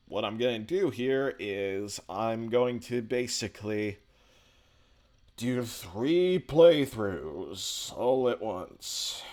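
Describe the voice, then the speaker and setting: A man's voice: lowish voice, darkish tone. A man hosting a let's play, reading visual novel text aloud with casual, offhand asides. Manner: casual, offhand asides between read lines.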